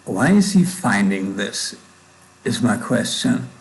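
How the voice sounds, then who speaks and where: A livestreaming programmer with a German accent and hard consonants thinks aloud casually while he codes. His lowish, creaky voice is very animated but unhurried, and the recording is rough.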